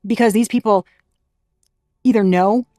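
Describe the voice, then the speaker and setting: A woman's voice: mid-range voice, fairly even intonation, a little slow, mellow, no room sound. A woman reads tarot for her viewers in a loose, chatty way. She is emphatic, swears freely and laughs often. The recording is dry and close, with no room sound. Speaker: tarot reader. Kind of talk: casual spiritual reading to camera.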